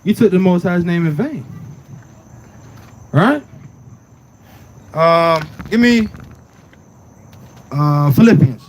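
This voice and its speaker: A man's voice: high voice, lively intonation, takes it slowly, long pauses, slight background noise. A man teaching scripture in a casual preaching way, often asking "right?" and "you understand?" and telling the reader to read on. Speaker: Bible teacher.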